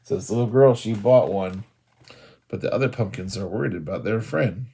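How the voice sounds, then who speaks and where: Husky man reading aloud to kids. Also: fairly low pitch, moderate pace. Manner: animated, sing-song, talks to young children. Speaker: children's librarian. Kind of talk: storytime read-aloud.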